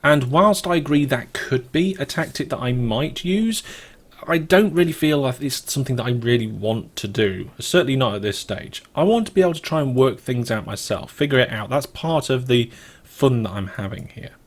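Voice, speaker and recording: A man's voice: medium pitch, expressive, normal speed. A British man with a mid-range voice talks through a building game as its host. He thinks aloud and wanders from point to point in a chatty, easygoing way. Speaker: let's play host. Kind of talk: casual gameplay commentary.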